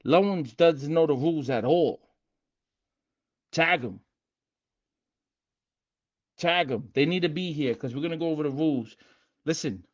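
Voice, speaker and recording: A man hosting a casual livestream, hyped and streetwise, repeating himself and shouting out viewers by name. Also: a little high, unhurried, long pauses, lo-fi sound. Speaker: livestream host teaching game rules.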